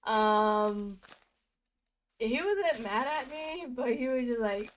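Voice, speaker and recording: This young woman's voice sits a little high and sounds expressive as she slowly spins goofy tales while gaming from home. Her chat is casual and rambling, broken up by laughter, and the recording quality is low.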